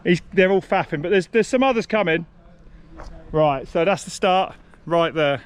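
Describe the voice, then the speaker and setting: Excitable man, a bit high. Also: normal speed, smooth. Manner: excitable, blunt, swears, loud exclamations. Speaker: host walking a race course. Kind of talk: casual on-course walkthrough. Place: outdoors on a mountain bike course.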